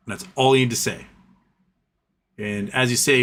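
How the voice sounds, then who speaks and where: A man's voice: mid-range voice, normal speed, pauses often, a bit bright. A man hosting a casual livestream, reading chat messages aloud and answering them in an earnest, rambling way with frequent restarts.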